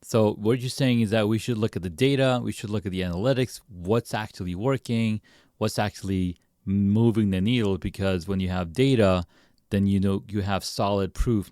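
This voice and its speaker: A man's voice: lowish voice, moderate pace, a little mellow, no echo, studio quality. A man hosting a podcast interview, affirming his guest and summing up the guest's points in a conversational way. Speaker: podcast host.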